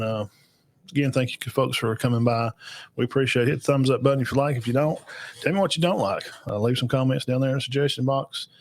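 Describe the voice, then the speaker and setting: A middle-aged man hosting a podcast reaction stream, talking casually with many fillers and restarts. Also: medium pitch.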